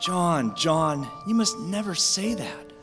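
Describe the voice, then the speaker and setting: A gentle male guardian angel, as a man plays him in a live radio play, speaking earnestly and plainly. Reverb from the stage hangs on his voice, with music faint behind it. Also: high voice, animated, slow pace.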